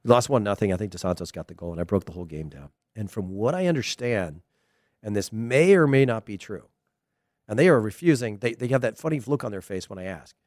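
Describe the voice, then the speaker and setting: A man's voice: on the low side, animated, brisk, darkish tone, no room sound, clean studio sound. A middle-aged American man, a former player, giving a digressive, emphatic casual commentary monologue. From United States.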